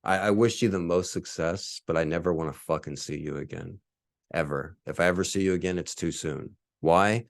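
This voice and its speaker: A man's voice: low-pitched, moderate pace, creaky, no echo. A man in his forties hosting a podcast, ranting in a profane, boastful, combative monologue. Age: 40s. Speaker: podcast host.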